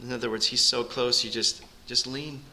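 A man's voice: medium pitch, steady tone, moderate pace, sharp tone, a little hiss or hum. A man preaching a sermon as a pastor, earnest and rising in emphasis on key phrases.

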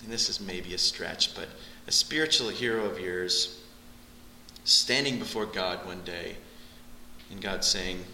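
Male Bible teacher, piercingly bright voice, animated expository style, echoey room. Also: unhurried, slight background noise. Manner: animated, surges in pitch on key points.

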